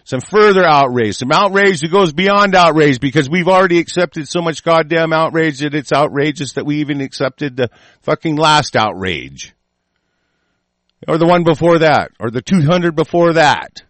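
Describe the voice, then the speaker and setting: A man's voice: a little high, expressive, moderate pace, no room sound. Profane, ranting American man, dry sound. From United States. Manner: profane, ranting, swings from muttering to shouting. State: sick. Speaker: online show host. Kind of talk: angry political rant.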